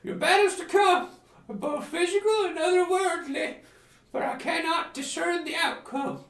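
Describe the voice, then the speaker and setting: A man voicing a cranky, cryptic old male hermit with an American accent, shouting and crotchety. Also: very high-pitched, moderate pace, voice pushed up. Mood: solemn. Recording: roomy from mic distance. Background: game music.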